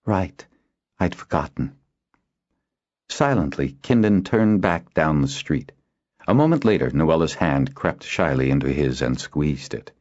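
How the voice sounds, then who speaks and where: Man, audiobook narration, deep voice, lively intonation, dull lo-fi sound. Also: normal speed. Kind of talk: scripted narration. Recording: dull lo-fi recording.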